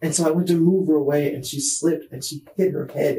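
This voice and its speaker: Halting, agitated man in an interrogation. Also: on the high side, fairly even intonation, dark tone, far from the mic, a little hiss or hum, poor audio. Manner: halting, repeats and restarts his words; agitated, pleading. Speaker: murder suspect under police questioning. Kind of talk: recorded interrogation statement.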